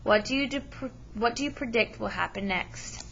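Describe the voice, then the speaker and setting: A woman's voice: on the high side, normal speed, creaky, fairly bright tone, muffled recording, slight background noise. A woman teacher reading a story aloud with expression and stopping to ask her listeners questions. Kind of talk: read-aloud lesson with comprehension questions.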